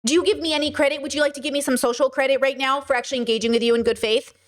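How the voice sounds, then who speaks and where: A young adult woman streaming, reading chat aloud and answering it emphatically, with her voice climbing into loud, passionate stretches. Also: sits high, steady tone, very fast. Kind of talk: livestream commentary.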